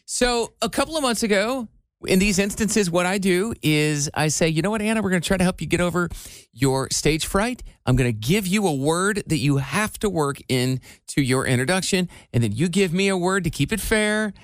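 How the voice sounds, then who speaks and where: A man's voice: sits high, lively intonation, moderate pace, no room sound. A man co-hosting a radio show, joking and teasing his co-host in casual banter. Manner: playful, teasing.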